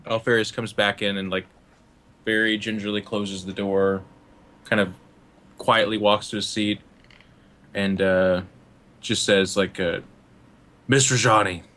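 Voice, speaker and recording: A man's voice: fairly low pitch, flat delivery, measured pace, long pauses, a bit bright. Man swearing through tabletop role-play. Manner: casual, laughing, swears freely. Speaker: player. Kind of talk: playing a tabletop role-playing game.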